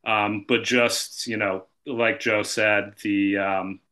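An American golf professional from the north-east USA guests on a podcast, talking casually with many fillers and trailing off softly. He has a lowish voice, a flat delivery and a slow pace.

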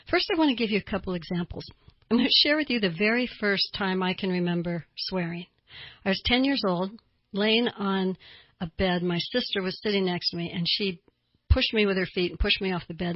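An older woman from the American South, hosting a radio talk show as a therapist, chatty and quick to laugh. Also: medium pitch, dry recording, dull audio. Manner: chatty, storytelling, laughs easily.

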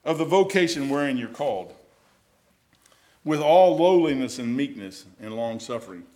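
A middle-aged man preaching a sermon in a folksy, conversational way, with sudden loud outbursts. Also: medium pitch, animated, normal speed. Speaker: pastor.

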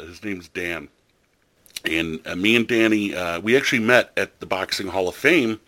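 A man's voice: deep voice, fairly bright tone. A man hosting a podcast in casual chat, chatty and enthusiastic with a rambling way of telling stories. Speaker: podcast host.

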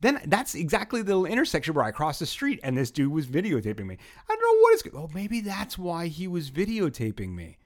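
Lively, rambling male podcast host. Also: on the high side, fairly quick, few pauses. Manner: rambling, self-mocking storytelling. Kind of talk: casual monologue and chat.

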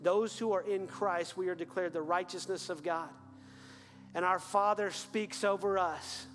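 A man preaching an earnest sermon as pastor, then leading a quiet prayer. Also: high-pitched, steady tone, unhurried. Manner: earnest, building to fervent then hushed prayer. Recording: long hall reverb with faint music.

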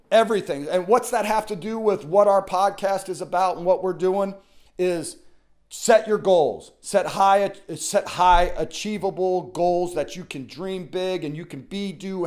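A man's voice: high-pitched, a little mellow. A middle-aged man hosting a solo motivational podcast, talking in an earnest, rambling way that repeats itself and restarts often. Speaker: podcast host.

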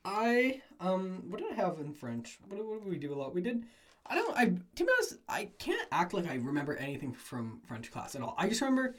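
A young man co-hosting a podcast, chatting casually and telling relaxed stories. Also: high voice, fairly quick, slightly rough. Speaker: podcast co-host. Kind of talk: casual chat.

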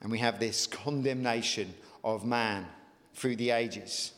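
A man preaching a sermon as pastor, emphatic, with sudden rises in pitch. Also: takes it slowly, a bit bright. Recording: long reverb of a large hall.

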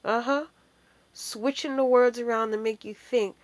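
A woman delivers a casual sermon in a fairly high voice. She takes her time, leaning on rhetorical questions to drive each point home. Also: steady tone, a little slow. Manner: emphatic, full of rhetorical questions. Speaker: preacher. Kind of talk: informal sermon.

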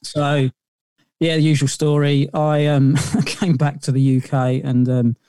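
Guy rambling thru his stories, lots of um and sort of, relaxed mellow voice. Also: a little high, measured pace, clear, resonant tone, dry recording, clean studio sound. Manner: rambling, with many fillers and restarts. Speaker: podcast guest. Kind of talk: casual interview storytelling.

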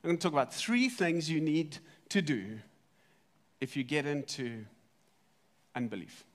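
A man preaching a sermon, telling a story in a lively way, swinging between loud and soft. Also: on the high side, a little slow. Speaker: pastor.

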